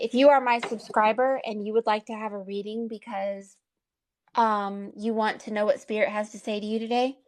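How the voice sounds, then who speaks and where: A woman who gives spiritual readings, talking in a casual livestream chat in an affectionate, loose and chatty way. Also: mid-range voice. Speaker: psychic reader and guest.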